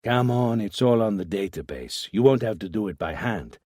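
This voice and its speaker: Guy reading as a pushy detective, insistent, voice a bit low, dry sound. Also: lively intonation, normal speed, darkish tone, breathy edge, dry recording.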